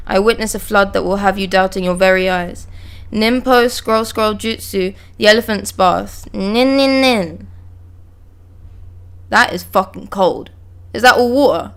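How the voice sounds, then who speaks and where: A young woman streaming live, reading manga dialogue aloud and breaking off to react with excited exclamations and swearing. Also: medium pitch, clear, resonant tone.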